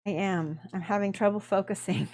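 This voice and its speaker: A woman's voice: medium pitch, steady tone, normal speed, darkish tone. A woman hosting a miniature painting livestream, chatting effusively and thanking viewers by name while she works.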